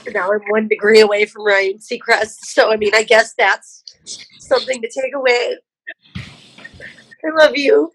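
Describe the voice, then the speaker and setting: Emotional woman judge with a high voice. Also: fairly even intonation, unhurried, long pauses, no echo, low-quality recording. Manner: emotional, giggly, apologetic. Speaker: contest judge. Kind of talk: judge feedback.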